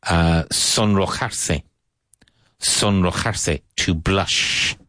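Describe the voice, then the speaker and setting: A man from Ireland runs an English vocabulary lesson, speaking slowly and repeating each term for his learners. His voice sits very low. The recording is dry and close, with no room sound. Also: pushed and bright, no room sound. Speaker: English teacher.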